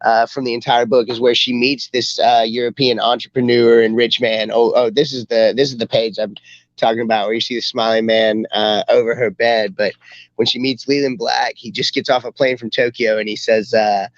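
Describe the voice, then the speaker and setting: A man's voice: mid-range voice, flat delivery, normal speed, no room sound, lo-fi sound. A man co-hosting a podcast, chatting enthusiastically and rambling as he retells a comic book. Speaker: podcast co-host. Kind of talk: casual chat reviewing comics.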